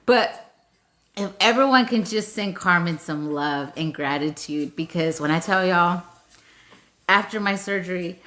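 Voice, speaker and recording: A woman's voice: medium pitch, measured pace, long pauses, a bit bright. A woman hosting a live healing session, chatting casually, laughing often and getting tearful, with casual swearing. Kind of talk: casual live-stream chat.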